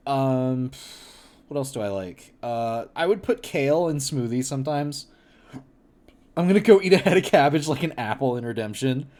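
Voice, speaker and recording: A man streaming casually, laughing often and reacting to things with loud mock horror and swearing. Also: medium pitch, lively intonation, moderate pace. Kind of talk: casual livestream chat.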